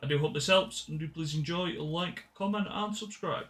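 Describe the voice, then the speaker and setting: A man's voice: fairly high pitch, moderate pace, fairly bright tone. A man giving casual game walkthrough commentary, chatty and often correcting himself mid-sentence. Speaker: gaming channel host.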